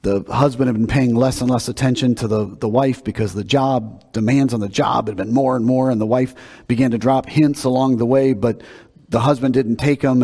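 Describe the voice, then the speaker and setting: A pastor with a medium-pitched, dark, slightly rough voice preaches in a conversational, emphatic style, often repeating words as he builds toward a point. Long hall reverb surrounds the recording.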